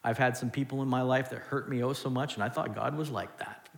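A man preaching a sermon as pastor, animated, swinging between loud and hushed. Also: medium pitch, brisk, vocal fry. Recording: long hall reverb.

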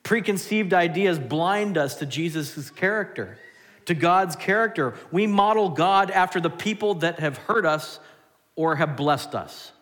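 A man preaching a sermon as pastor, animated, swinging between loud and hushed. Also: on the high side, measured pace. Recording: long hall reverb.

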